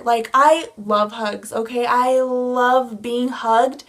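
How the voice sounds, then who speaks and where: Young woman vlogger, excitable storyteller, a little high-pitched, casual chat. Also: takes it slowly, hardly any pauses. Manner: gushing, excitable fangirl storytelling.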